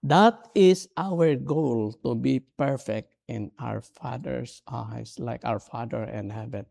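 A middle-aged man, a non-native English speaker, preaching a sermon in an earnest, halting, self-deprecating way. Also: mid-range voice, gravelly, a little mellow. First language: not English. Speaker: pastor.

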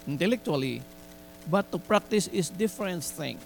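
A man preaching a sermon, slow and deliberate, mixing Tagalog phrases into his English. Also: high-pitched, animated, creaky, a little hiss or hum, poor audio.

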